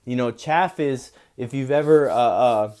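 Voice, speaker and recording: A male preacher who reads scripture slowly and solemnly, then explains it in loose, casual talk full of "you know" and "man.". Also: mid-range voice, a little mellow, smooth. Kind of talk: scripture reading with commentary.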